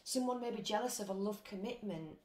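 A woman's voice: mid-range voice, brisk. A British woman doing a casual tarot reading, blunt, chatty and full of swearing. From Britain. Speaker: tarot reader. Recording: roomy with faint noise.

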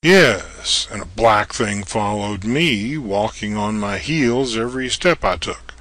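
An actor playing a bold, level-headed man exploring an old castle, giving brisk commands. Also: fairly low pitch, lively intonation, fairly bright tone. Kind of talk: audio drama acting.

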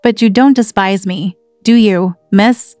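A woman's voice: medium pitch, measured pace, darkish tone, no room sound, studio quality, lightly acted. A woman reading as a sickly, spiteful teenage boy. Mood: peevish. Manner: peevish, taunting.

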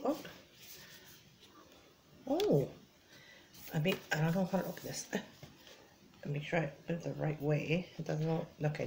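Slow, gravelly-voiced tired woman. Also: slight background noise. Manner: soft, low-energy, often drops to a whisper. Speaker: crafting vlogger. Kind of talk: casual unboxing chat.

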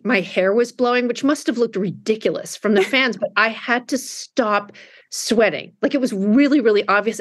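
A woman's voice: medium pitch, dry recording. Candid middle-aged woman, dry close sound. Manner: candid, animated storyteller with frequent restarts. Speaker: author guest. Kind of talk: conversational interview.

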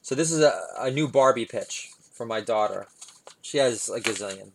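A man's voice: vocal fry, slight background noise. A man, doing stand-up stories with wry asides. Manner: wry, quick asides, mimics his daughter in a higher voice. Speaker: stand-up comedian. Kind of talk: stand-up storytelling.

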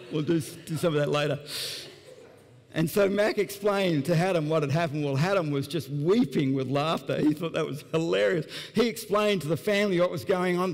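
An Australian pastor preaching in a church auditorium, his voice sitting a little higher than most men's. He tells his story earnestly and with animation, chuckling along as he goes. A long reverb trails each phrase through the big hall. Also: vocal fry. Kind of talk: sermon with storytelling.

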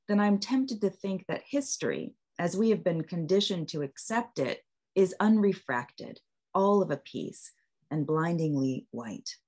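Low-voiced woman reading a literary essay. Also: a little mellow. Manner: measured, deliberate, poetic phrasing. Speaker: author reading an essay at a book event. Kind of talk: read-aloud literary essay.

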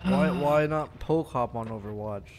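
A man's voice: fairly high pitch, animated, a little slow, music in the background. A man livestreaming a game, chatting casually with a friend in joking, sweary banter. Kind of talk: casual gaming chat.

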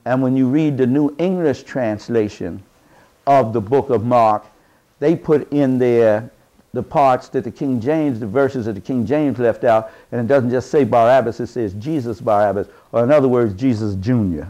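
A man giving an impassioned lecture to a live audience, speaking in a folksy, colloquial way and rising to shouted emphasis like a preacher. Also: mid-range voice, normal speed, lo-fi sound. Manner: folksy, colloquial, with double negatives.

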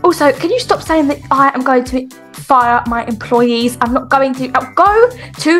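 A woman's voice: high voice, moderate pace, fairly bright tone, soft background music. A woman hosting a game role-play as a busy mayor mother who talks chattily and gets exasperated with her kids.

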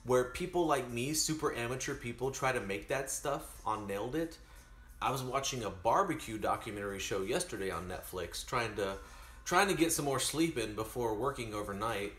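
A man's voice: medium pitch, moderate pace. Chatty man in an echoey room. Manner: rambling, chatty, animated asides. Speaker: streamer. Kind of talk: casual chat while baking.

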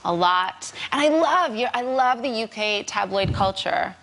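Deadpan woman comic. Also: medium pitch, a little slow, a little hiss or hum. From Canada. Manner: dry, deadpan joking delivery. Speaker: comedian guest. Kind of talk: casual talk show chat.

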